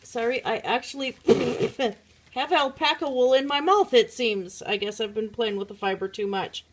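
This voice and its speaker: A woman's voice: on the high side, fairly even intonation, moderate pace. A woman chatting casually at home, showing her craft pieces to a phone camera, rambling with many fillers. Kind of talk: casual show-and-tell chat.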